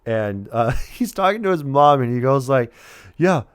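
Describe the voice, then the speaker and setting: A man's voice: mid-range voice, animated, normal speed, smooth, no echo, studio quality. A man co-hosting a casual movie review podcast, retelling scenes with quoted voices and laughing often. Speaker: podcast co-host.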